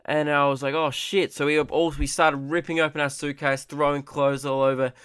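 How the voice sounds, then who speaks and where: A man's voice: on the high side, level tone, brisk, a bit bright, clear, resonant tone, dry recording, clean studio sound. A man hosting a comedy podcast, telling a story casually, rambling with restarts and fillers and swearing freely.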